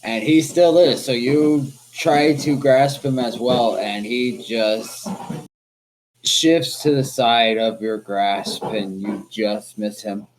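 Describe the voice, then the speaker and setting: A man runs a tabletop game as dungeon master, describing combat results and asking players for checks. He talks at an unhurried, measured pace with a mid-range voice. A faint hiss of noise sits under the recording. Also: medium pitch, fairly even intonation.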